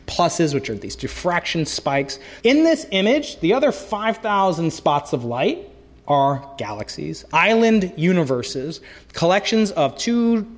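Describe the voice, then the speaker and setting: A middle-aged man, an astrophysicist, giving a public science lecture, animated and joking with frequent restarts. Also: high-pitched, unhurried. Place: lecture hall. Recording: long reverb of a lecture hall.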